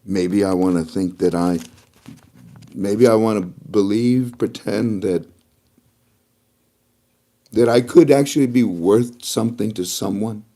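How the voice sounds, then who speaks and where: Man, rambling emotional vlogger, warm and dark tone. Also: fairly low pitch, takes it slowly, long pauses. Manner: rambling and emotional, breaks into laughter. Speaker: video blogger. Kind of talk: casual rambling monologue to camera.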